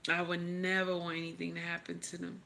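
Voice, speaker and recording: A woman's voice: fairly low pitch, completely flat delivery, a little fast, vocal fry, sharp tone, a little hiss or hum. A woman hosting a livestream, tearful, giving emotional motivational talk and repeating her encouragements over and over in a preachy way. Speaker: livestream host.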